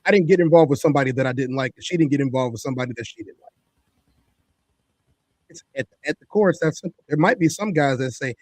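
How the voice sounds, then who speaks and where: A man's voice: mid-range voice, fast, dry recording. A man co-hosting a talk show, giving opinionated commentary in an emphatic, preachy way and repeating his points for effect. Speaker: podcast co-host.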